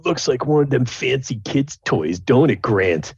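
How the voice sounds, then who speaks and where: A crude, mocking half-orc bully, put on by a man running the game, lifted a little above the speaker's own low pitch. He taunts his target with sneering remarks. The sound is dull and lo-fi. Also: lively intonation, measured pace, darkish tone, slightly rough, no echo, heavily acted. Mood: taunting. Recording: dull lo-fi recording.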